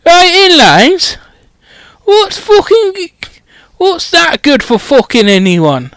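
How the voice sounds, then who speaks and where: A man voicing a gruff, foul-mouthed groundskeeper who swears constantly and rambles bluntly. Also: very high voice, very animated, slow pace, fairly bright tone, no room sound, pitched above the performer's own voice, heavily acted. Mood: fierce.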